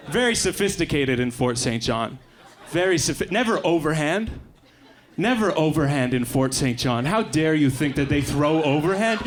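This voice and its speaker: A young Canadian man performing a stand-up set in a comedy club, with quick deadpan asides. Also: on the high side. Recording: live club recording with faint crowd noise. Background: faint audience laughter.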